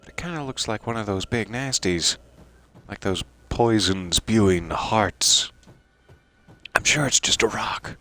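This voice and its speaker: A man's voice: fairly low pitch, a little slow, sharp tone. A man giving casual, playful commentary while playing a game, talking theatrically to the characters and joking at his own expense. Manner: self-deprecating asides. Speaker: let's play streamer.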